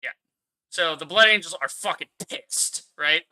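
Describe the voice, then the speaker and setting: A man's voice: on the high side, measured pace, pushed and bright. A man streaming a game and chatting casually, laid-back, laughing and swearing as he reacts. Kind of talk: casual gaming reaction chat.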